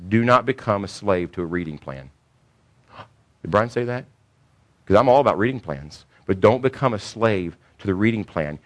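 Low-voiced emphatic male preacher. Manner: emphatic, repeats key points, asks rhetorical questions. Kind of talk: sermon teaching.

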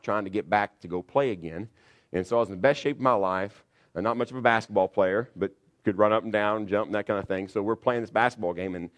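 Middle-aged man preaching a storytelling sermon. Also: on the low side. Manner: storytelling, swings from shouting re-enactment to quiet confession. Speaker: pastor.

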